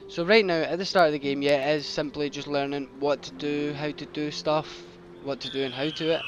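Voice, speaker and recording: A man hosting a game commentary, excitable and swearing at the screen. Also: fairly high pitch, a little fast. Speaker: host. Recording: dull mic with game music.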